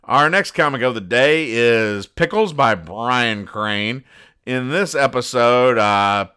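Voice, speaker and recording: A man hosting a comedy show, reading comic strips aloud and explaining the jokes in a wry, deadpan way. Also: medium pitch, slow pace, clean tone. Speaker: host.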